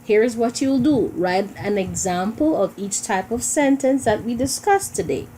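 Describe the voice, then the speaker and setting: A woman's voice: a little high, lively intonation, normal speed, dark tone, a little hiss or hum, low-quality recording. A woman teacher giving a recorded grammar lesson, explaining patiently and repeating key points for her students.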